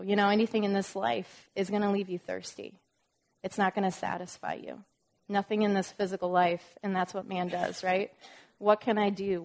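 A woman's voice: mid-range voice, darkish tone. A woman giving an informal Bible teaching, reading verses aloud with emphasis and explaining them with casual, conversational asides. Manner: reads scripture aloud with emphasis.

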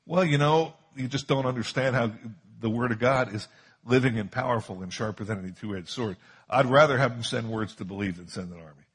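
A man preaching a sermon with a husky, slightly breathy voice. He is emphatic and drives his points home by repeating key phrases. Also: medium pitch, fairly quick. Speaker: pastor.

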